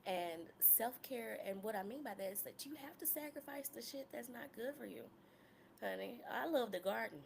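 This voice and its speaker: A woman in her late thirties hosting a solo podcast, talking candidly in a chatty, slangy way that drops to soft murmurs and jumps to loud, excited bursts. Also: on the high side, normal speed, vocal fry, a little hiss or hum. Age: 30s. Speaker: podcast host. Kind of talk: casual solo podcast monologue.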